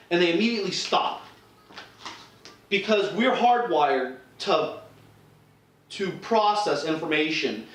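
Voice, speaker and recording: During a self-defense demonstration, this man speaks at a normal speed in a slightly high, fairly bright voice, restarting often and acting out quotes. The distant mic picks up roomy echo and a little hiss or hum.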